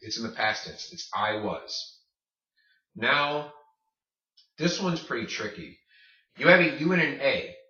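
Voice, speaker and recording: A man teaching a recorded Spanish pronunciation lesson, saying words slowly and repeating them. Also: mid-range voice, sing-song, sharp tone. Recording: echoey room, distant dull mic.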